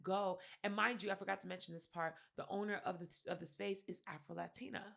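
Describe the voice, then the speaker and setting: A woman's voice: medium pitch, fast, gravelly. A woman podcast co-host, telling a story in casual chat, acting out what people said and swearing freely. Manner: animated storyteller, acts out quotes, swears freely.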